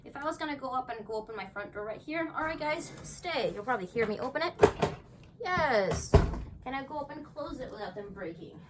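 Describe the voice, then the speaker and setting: A woman's voice: sits high, animated, fairly quick. A woman dog trainer at home explaining a demo and praising her dogs in upbeat bursts. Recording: voice from a distance, faint background noise.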